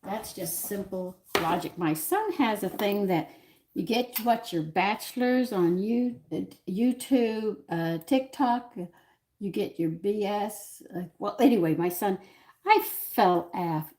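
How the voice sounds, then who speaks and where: A woman's voice: medium pitch, slow, darkish tone, a little hiss or hum. A woman in her sixties hosting a home cooking stream from her kitchen, chatting in a rambling, opinionated way while greeting viewers. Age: 60s. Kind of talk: casual chat while cooking.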